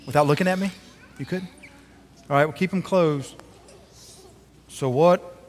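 A man's voice: a little high, a little slow, a little mellow, slight background noise. A man, a pastor leading a children's moment and prayer in a coaxing, chatty way. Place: church sanctuary. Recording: church service with long reverb.

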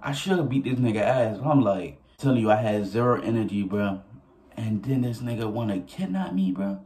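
A young man telling a story casually to his viewers, animated and profane, often laughing as he goes. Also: lowish voice, moderate pace, a little hiss or hum. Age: young adult. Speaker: vlogger.

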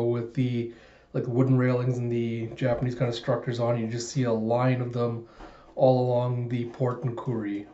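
Casual male reviewer recapping a comic chapter, mellow voice, offhand and filler-heavy. Roomy, slightly muffled home recording. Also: medium pitch. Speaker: manga reaction YouTuber.

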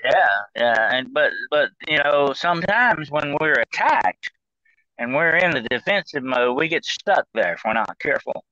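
A man's voice: on the high side, lively intonation, moderate pace, pushed and bright, highs cut off. A man talking as a guest on a call-in style show, rambling, with many fillers and restarts. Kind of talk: casual talk-show discussion.

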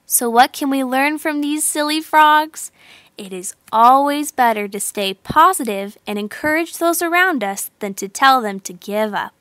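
A woman tells a children's story in a slow, expressive way. Her voice is high and bright. The sound is close and dry. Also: no echo. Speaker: narrator. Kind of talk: storybook narration translated from sign language.

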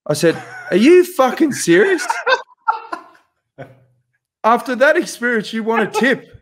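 A man, a podcast co-host telling a profane, animated anecdote in casual chat. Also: high voice, normal speed, pauses often. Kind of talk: casual storytelling.

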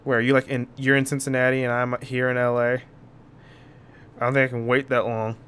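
A young man doing let's play commentary, frantic and yelling in mock panic, then calming down. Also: mid-range voice, a little fast, clean tone. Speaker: gaming YouTuber.

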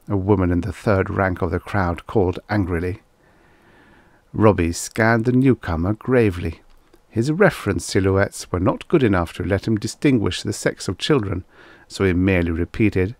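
A man reading a vintage science fiction story aloud in measured storyteller fashion. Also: low voice, no room sound, clean studio sound. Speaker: audiobook narrator.

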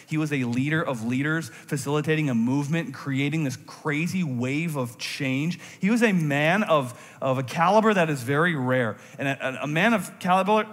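Animated male preacher in a reverberant hall. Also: a little high. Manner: animated, shifting from intense emphasis to quiet reflective tones. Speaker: pastor. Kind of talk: sermon. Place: church sanctuary. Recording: long hall reverb from a church sanctuary.

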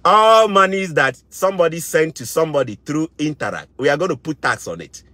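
A man's voice: fairly high pitch, expressive, a little fast, bright, forceful tone, no room sound. A middle-aged Ghanaian man with a Ghanaian English accent, giving impassioned commentary, indignant and repeating phrases for emphasis. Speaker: vlogger.

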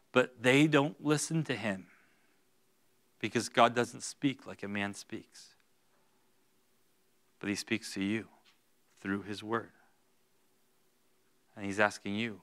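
Guy pastor preaching in church, bright crisp voice, goes quiet then loud. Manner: swings between hushed, slow words and loud, high bursts. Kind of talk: sermon. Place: church sanctuary.

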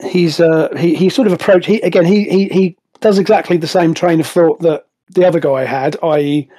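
A man's voice: fairly high pitch, fairly even intonation, a little fast, dark tone. A man narrating as game master of a tabletop game over a voice call, rambling and restarting often. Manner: rambling, many restarts and fillers. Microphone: voice call headset.

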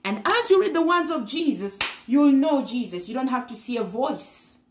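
A woman's voice: high-pitched, sing-song, normal speed, echoey room, a little hiss or hum. A woman preaching a fervent sermon, breaking in with hallelujah and sometimes stumbling over her words.

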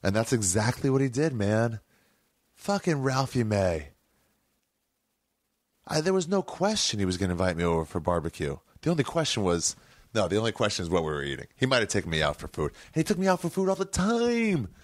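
A man's voice: on the low side, sing-song, fairly quick, dry recording. A man hosting a podcast, telling a long rambling story in casual, profane talk, often correcting himself mid-sentence. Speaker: podcast host.

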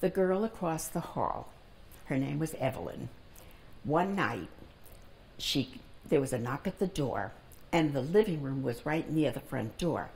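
Deep-voiced woman in her nineties. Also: a little hiss or hum. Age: 90s. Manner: calm, deliberate storyteller. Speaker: interviewee. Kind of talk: storytelling in an oral history interview. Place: library reading room.

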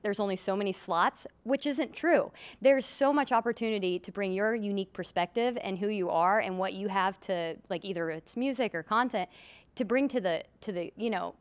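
A woman's voice: medium pitch, clean tone. A woman guest on a casual podcast, speaking earnestly and motivationally, thinking aloud about mindset. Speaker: musician guest. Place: room in Nashville.

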